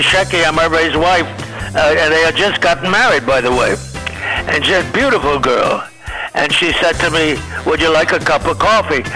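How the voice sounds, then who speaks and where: A man's voice: fairly high pitch, bright, forceful tone, low-quality recording. An older man, a comedian, telling a rambling talk show anecdote and acting out the other people in it. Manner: rambling, chuckling storyteller who acts out the other people.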